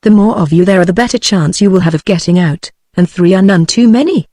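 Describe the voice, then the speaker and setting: A text-to-speech woman with a British English accent voicing a stern, calm jungle lord in a novel reading. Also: on the low side, quick pace, no room sound, studio quality, close to an everyday voice. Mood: firm. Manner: plain synthetic reading.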